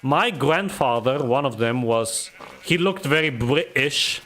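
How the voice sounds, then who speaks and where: A man's voice: mid-range voice, lively intonation, takes it slowly, fairly bright tone. A man from the Balkans, streaming a game and chatting casually, grumbling and rambling as he laughs at himself.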